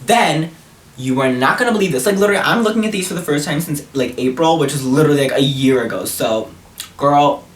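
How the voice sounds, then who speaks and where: A young man telling a storytime vlog in a sassy, animated way. He swears freely and his pitch jumps high when he gets outraged. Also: quick pace, distant mic. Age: young adult. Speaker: vlogger. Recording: roomy echo, a little off-mic, faint hiss.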